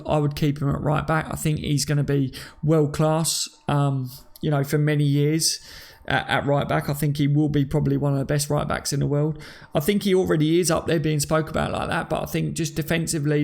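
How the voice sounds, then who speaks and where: Chatty Cockney man, gravelly voice. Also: a little high, darkish tone. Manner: chatty, reads viewer comments aloud, laughs at himself. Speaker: fan channel host. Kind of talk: casual live-stream chat.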